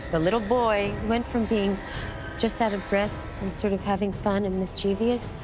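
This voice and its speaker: A woman in a documentary interview, earnestly recounting a ghostly experience in a hushed, suspenseful way. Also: mid-range voice, little pitch movement, normal speed, music in the background. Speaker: celebrity guest telling a ghost story.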